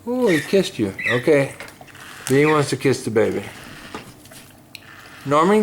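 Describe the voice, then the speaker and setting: A man keeping pet birds, cooing at them in soft baby talk and often dropping to a hush in a casual vlog. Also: mid-range voice, sing-song, takes it slowly, pauses often, slight background noise. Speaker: pet bird keeper.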